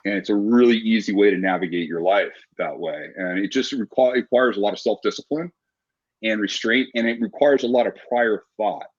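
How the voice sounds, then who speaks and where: A man in his forties, a martial arts instructor, telling stories in a relaxed interview with frequent restarts. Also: lowish voice, brisk. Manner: relaxed storyteller with many restarts. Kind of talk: casual interview talk. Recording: dull lo-fi audio.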